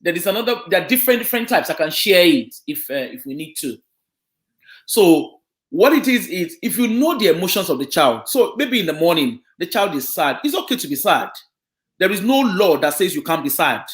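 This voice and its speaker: A children and family social worker gives a community talk on parenting, his high, very lively voice moving briskly as he explains an idea to parents. He pauses often to make sure they're following, and the room around him is echoey.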